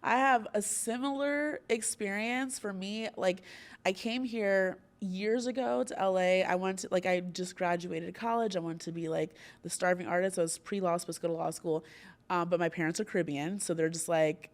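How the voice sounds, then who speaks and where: A young woman hosting a podcast, telling stories in a chatty, animated way, full of "like" fillers and laughs. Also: lowish voice, normal speed. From Florida, US. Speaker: podcast host. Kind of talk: casual podcast chat.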